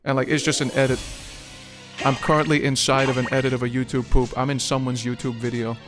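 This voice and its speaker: A man's voice: medium pitch, level tone, fast talker, music in the background. A young man streaming a game, rambling profanely and joking with his chat. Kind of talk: casual gameplay stream chat.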